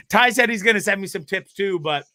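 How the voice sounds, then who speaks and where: A man with a bright, forceful voice pitched a bit above the usual, hosting a live web show in a casual, profane way. He rants and laughs freely between topics. The sound is dry and close. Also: no echo. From Canada. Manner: profane, ranting and laughing often. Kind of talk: casual live-stream chat.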